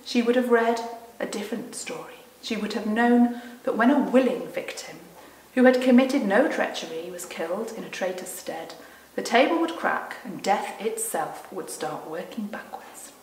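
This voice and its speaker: A woman doing a calm, wise lion. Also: mid-range voice, normal speed, few pauses, slight background noise, natural voice. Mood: solemn. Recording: roomy echo from a distant mic.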